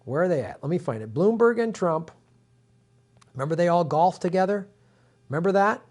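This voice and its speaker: This political live streamer, a middle-aged man, swears heavily as he rages at the people watching, repeating himself and talking straight to them. His voice is high and darkish, with lively intonation and a slightly fast pace.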